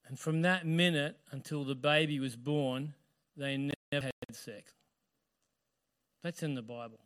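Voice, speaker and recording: A male pastor preaching a sermon, retelling a story with animated questions to the congregation. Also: medium pitch, measured pace.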